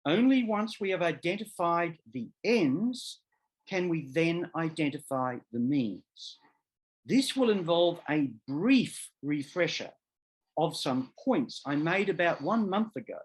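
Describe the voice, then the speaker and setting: A man, a law professor, giving a measured academic seminar lecture that explains ideas step by step and sometimes corrects himself. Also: a little high, expressive, poor audio. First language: English. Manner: measured, explanatory, repeats key terms; occasional self-corrections.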